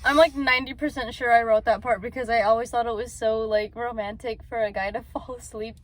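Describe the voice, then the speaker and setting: A woman's voice: a little high, steady tone, a little fast, poor audio. A young woman chatting casually about fan fiction she co-wrote, amused and chiming in. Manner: amused, chimes in with reactions. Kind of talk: casual chat.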